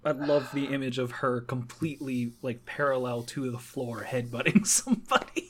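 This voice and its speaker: A man's voice: medium pitch, moderate pace, a bit bright, slight background noise. A young man co-hosting a podcast in casual chat, enthusiastic, laughing often and swearing casually. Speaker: podcast co-host.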